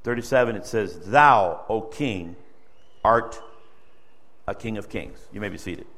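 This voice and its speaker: A male preacher delivering an emotional sermon, swinging from loud exhortation to hushed storytelling. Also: on the low side, a little slow. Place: church sanctuary. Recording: long reverb of a large hall.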